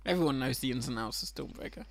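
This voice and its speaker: A man co-hosting a casual film chat podcast, playful and deadpan. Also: medium pitch, fast talker, vocal fry, slight background noise. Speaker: podcast co-host. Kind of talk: casual chat about films.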